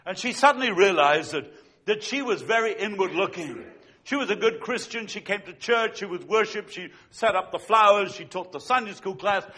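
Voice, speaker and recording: A man preaching a sermon as a pastor, telling stories with swings between loud and hushed delivery. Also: high voice. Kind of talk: sermon with storytelling.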